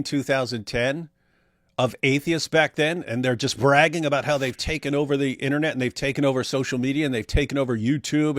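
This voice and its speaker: An American man hosts a casual reaction show, talking in an excitable, joking way with emphatic asides. His voice sits at an ordinary male pitch. The sound is dry and close, with no room echo. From United States. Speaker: show host.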